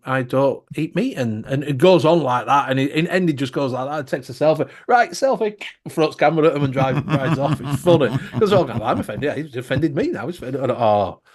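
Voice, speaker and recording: Mid pitch guy on a livestream, tells stories with lots of swearing, does the voices. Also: fairly quick, hardly any pauses. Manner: animated storyteller, swears, acts out quotes. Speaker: co-host or guest on a live chat show. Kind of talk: casual chat.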